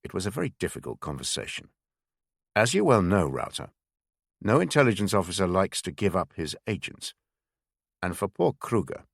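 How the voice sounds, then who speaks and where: A man reading a senior male spymaster who speaks slowly and very properly in an audiobook. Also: low voice, creaky, no room sound, studio quality, heavily acted. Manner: slow, very proper. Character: senior male spymaster, older, measured, formal.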